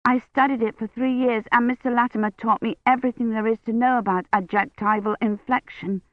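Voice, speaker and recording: A woman's voice: a little high, fairly even intonation, brisk, no room sound, close to an everyday voice. A woman reading an audiobook voices a young woman shivering with fever, her speech unsteady and pleading, recorded on tinny, dry phone-like audio. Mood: feverish worry. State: teeth chattering, feverish.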